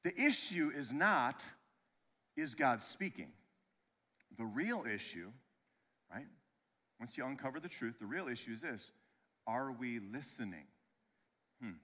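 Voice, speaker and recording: A male pastor preaching a sermon in an animated, conversational way, often checking in with "right?" and restarting his phrases. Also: medium pitch, a little slow, pauses often.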